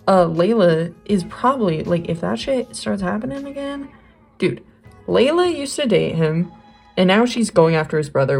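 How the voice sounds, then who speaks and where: A woman's voice: medium pitch, animated, moderate pace, gravelly, a little mellow, breathy edge, soft background music. A young woman chatting casually while she draws, rambling with lots of fillers and slang. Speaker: art vlogger. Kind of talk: casual chat while drawing.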